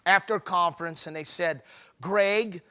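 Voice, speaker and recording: A man's voice: high voice, expressive, slow pace, pushed and bright. A man giving a humorous, emphatic talk at a marriage conference, mixing preachy urging with jokes. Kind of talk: humorous live seminar talk.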